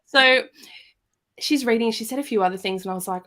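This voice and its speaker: A woman guest on a podcast, telling a personal story in a casual, animated way and acting out the quoted voices. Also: a little high, a little fast, pauses often.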